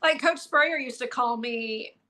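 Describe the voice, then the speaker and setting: A woman's voice: fairly high pitch, normal speed, bright, forceful tone. A woman from Florida with a Southern accent, a guest chatting casually over a video call, giggly and full of "like". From Tallahassee, Florida.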